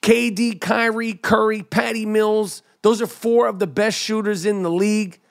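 A middle-aged man with a high voice hosts a podcast and rants through a sports monologue. He sounds animated and emphatic, jumping up in pitch to punch his points. He talks into a studio microphone. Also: a little slow, gravelly. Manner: animated, emphatic, drops to mock whisper. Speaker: podcast host. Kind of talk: energetic sports commentary monologue. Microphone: studio podcast mic.

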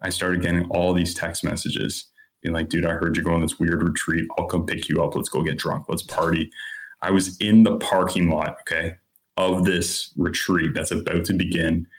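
A man in his thirties with a deep, low-pitched voice, sharing his own story as a guest on a podcast. He talks in an earnest, candid, conversational way, peppered with casual fillers. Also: flat delivery, moderate pace. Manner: earnest, candid, lots of "like" and "you know".

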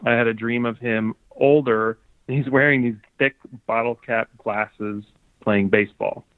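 A man's voice: mid-range voice, steady tone, measured pace, no room sound. A man guest sharing a personal story on a podcast in an earnest, thoughtful way. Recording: dry tinny phone-like sound.

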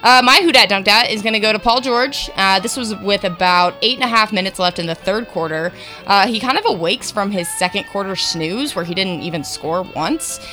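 A woman's voice: mid-range voice, a little fast, bright, forceful tone, faint music behind. A woman co-hosting a sports podcast, chatting casually about basketball, hedging often with fillers.

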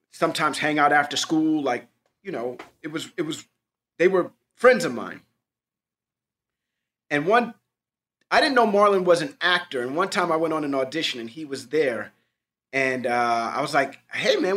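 A man's voice: medium pitch, a bit bright. A man telling casual anecdotes about auditions, loose and profane, acting out quoted lines. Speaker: actor, podcast guest. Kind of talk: casual storytelling chat.

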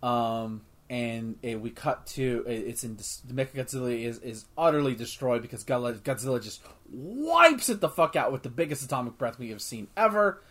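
Excitable rambling man reviewing a movie. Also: medium pitch, normal speed, few pauses. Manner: rambling, excitable, swears freely, many restarts. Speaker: podcast host. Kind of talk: casual movie review chat.

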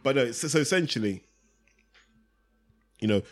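A man, co-hosting a casual boxing podcast and acting out quotes in an animated way. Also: medium pitch, fairly quick. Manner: animated, acts out quotes in raised voice. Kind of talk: casual chat.

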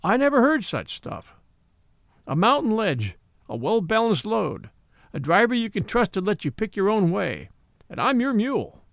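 A man's voice: sits high, sing-song, normal speed, gravelly, a bit bright, no room sound, clean studio sound, pitched above the performer's own voice, exaggerated voice. A man voicing Billy, a touchy and stubborn male army mule, blunt and prickly in a storybook reading. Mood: scornful.

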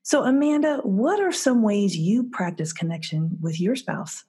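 Woman, podcast host, has a cold, husky breathy tone, earnest scripted questions. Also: medium pitch, very animated, a little slow, mellow. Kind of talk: podcast interview with scripted intro.

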